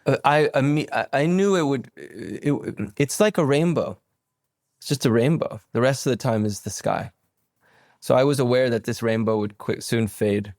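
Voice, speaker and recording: A man in his forties from Venezuela, a podcast guest telling a reflective story in a rambling way, full of restarts and stammered repeats, jumping into animated quoted voices. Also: normal speed, dry recording, studio quality. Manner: slips into animated quoted voices and sudden high pitch leaps.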